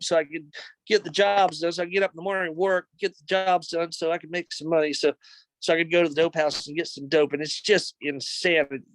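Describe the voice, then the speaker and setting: Earnest high-voiced man telling his story. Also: a bit bright, dry recording, low-quality recording. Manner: earnest, emotional, repetitive retelling. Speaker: speaker sharing a recovery testimony. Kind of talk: personal testimony, conversational storytelling. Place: his office.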